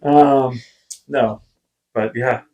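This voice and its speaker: A man's voice: medium pitch, steady tone, very slow, warm tone. A man hosting a podcast, chatting casually and rambling through stories, breaking off and restarting his sentences. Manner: rambling storyteller who acts out quoted voices. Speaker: podcast host. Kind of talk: casual chat.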